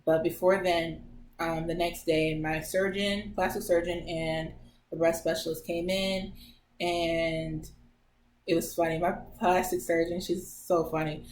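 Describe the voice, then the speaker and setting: A young woman in her twenties vlogging in a lively, chatty way and slipping into other people's voices as she retells events. Her voice sits a little low. The recording has a roomy echo and a faint hum of background noise. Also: a little slow. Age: 20s. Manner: chatty, animated retelling that acts out others' lines. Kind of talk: casual personal storytelling.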